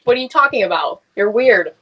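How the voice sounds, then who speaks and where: A woman's voice: on the high side, expressive, brisk, sharp tone, slight background noise, rough recording. A woman in a casual voice chat, blunt and slangy, swearing freely.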